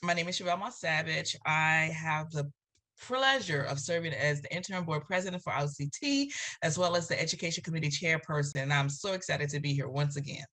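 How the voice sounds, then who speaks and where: Bright-voiced Southern woman, chatty guest. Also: low voice, brisk. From Virginia. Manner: chatty and animated, with frequent ums and laughs. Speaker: nonprofit board president, guest. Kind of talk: casual interview talk. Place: local TV studio.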